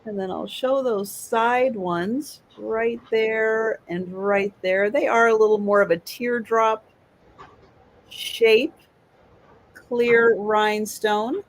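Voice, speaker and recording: Slow, unhurried woman calling bids. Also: fairly high pitch, steady tone, rough recording. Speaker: live sale host. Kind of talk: live online sales auction.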